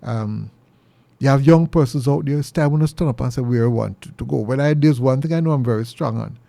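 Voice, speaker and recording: A middle-aged Jamaican man hosting a commentary show, talking earnestly and preachily, his pitch jumping high when he presses a point. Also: fairly quick, vocal fry, mellow, no room sound. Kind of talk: opinion monologue.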